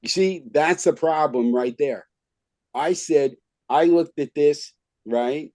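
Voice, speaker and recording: A man's voice: fairly high pitch, takes it slowly, a little mellow, dry recording. A man teaching an online skills class over a video call, talking informally and filling his speech with "okay" and "right". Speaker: skills trainer.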